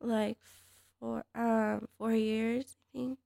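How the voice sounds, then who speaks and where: Young woman with a gravelly edge. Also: a little high, little pitch movement, slow, over a noisy crowd. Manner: hesitant, many fillers and restarts. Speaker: guest, MMA fighter. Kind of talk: casual podcast chat.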